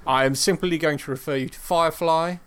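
A man's voice: a little high, clear, resonant tone. A man co-hosting a podcast, talking animatedly, acting out a scene from a show and apologizing as he argues. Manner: animated, acts out scenes in quick voices, apologetic. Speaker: podcast co-host. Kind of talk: casual chat.

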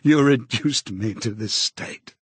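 A broken, worn-down prisoner, read by a man in an audiobook, slow and pleading. The voice is husky and dry, recorded close to the mic. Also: medium pitch, fairly bright tone, no echo. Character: broken, weeping male prisoner.

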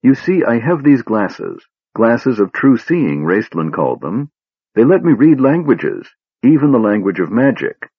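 A man's voice: mid-range voice, very animated, measured pace, husky, dry recording, dull audio, pitched above the performer's own voice, full character voice. A man reading aloud who voices a small, nervous male kender, talking eagerly and stammering.

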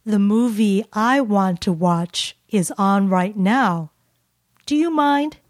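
A woman playing a teasing, smug woman in a slow, clearly spoken dialogue for English learners. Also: medium pitch, no room sound, studio quality, close to an everyday voice. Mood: playful. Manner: playful, taunting, slow and clear.

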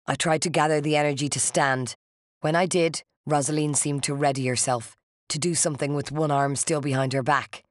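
An audiobook narrator reads first-person fiction in a measured, steady way. The voice sits mid-pitch, and the recording is dry and close with no room echo.

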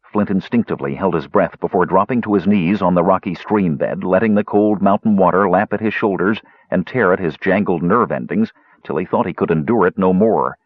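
A man narrating an audiobook in a steady, measured storytelling voice. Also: low voice, slightly rough, no echo. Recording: dull lo-fi, dry.

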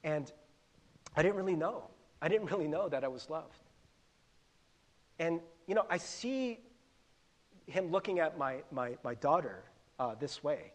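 A man's voice: fairly high pitch, animated, unhurried, long pauses. A middle-aged man preaching a conversational sermon as a pastor, often stumbling over repeated words. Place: church sanctuary.

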